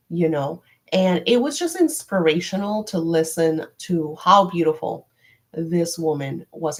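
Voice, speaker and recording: A middle-aged woman talks loosely and warmly on a live stream from her home, with a slightly low voice. She rambles from thought to thought and leans on fillers as she chats. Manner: rambling, chatty, heavy on fillers. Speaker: host of a spiritual live stream. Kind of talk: casual live-stream chat.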